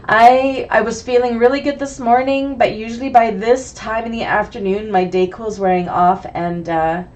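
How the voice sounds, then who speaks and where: A woman with a cold, raspy and sniffly, chatting through a live online bag-making class and greeting viewers by name. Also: fairly high pitch, steady tone, moderate pace, darkish tone. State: sick with a cold, hoarse and sniffly. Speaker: bag-making sewing instructor.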